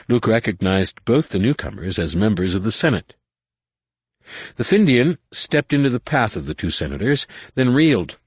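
Brief: male audiobook narrator, very low and husky, measured reading. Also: dry recording. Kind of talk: scripted narration.

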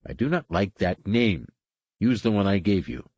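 A man voicing a mad, crippled alien master who swings between cold calm and shrill rage, in a husky, pitched-up voice. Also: moderate pace, no echo, dull audio. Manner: erratic, imperious, shifting between calm and screeching.

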